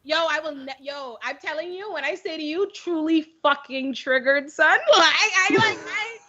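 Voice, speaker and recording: A young woman, telling stories in a casual podcast chat, animated and laughing, heavy on slang. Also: sits high, moderate pace, highs cut off. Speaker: podcast guest.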